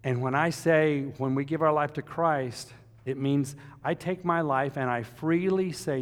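A man's voice: on the high side, unhurried. Older man preaching in a reverberant church. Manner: storytelling, emphatic, swings between loud and soft. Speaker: pastor. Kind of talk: sermon. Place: church sanctuary. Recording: long hall reverb.

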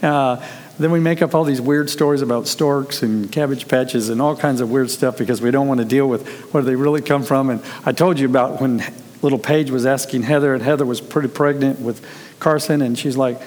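A pastor with a mid-range, slightly mellow voice preaches a conversational sermon at a brisk pace and steady tone. He's earnest, telling stories and quoting people with animation, his words carrying the long reverb of a large hall.

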